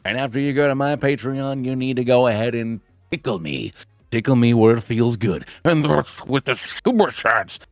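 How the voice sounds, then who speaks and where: A man putting on a loud, exaggerated hype announcer voice to plug his channel as a joke. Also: mid-range voice, animated, moderate pace, dry recording, faint music behind, close to an everyday voice. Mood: hyped. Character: loud hype male announcer pushing subscriptions. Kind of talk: mock hype plug on a live stream.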